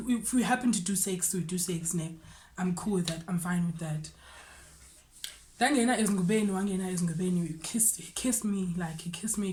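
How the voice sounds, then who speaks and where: Young woman, Xhosa South African accent, casual storytime vlogger, animated. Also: medium pitch, a little hiss or hum. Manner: switches between English and Xhosa, animated retelling. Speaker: vlogger telling a personal story.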